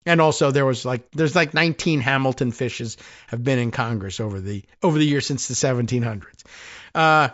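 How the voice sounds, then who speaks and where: A man's voice: medium pitch, brisk, fairly bright tone, muffled recording. A man hosting a podcast, telling a rambling, wry story in a casual monologue with many restarts. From New Jersey. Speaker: podcast host.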